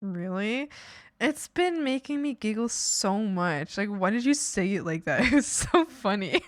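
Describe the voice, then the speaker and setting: A woman's voice: mid-range voice, expressive, a little slow, no echo, clean studio sound. A woman streamer chatting casually with her viewers while she draws, giggling often and teasing them playfully. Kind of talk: casual live-stream chat while drawing.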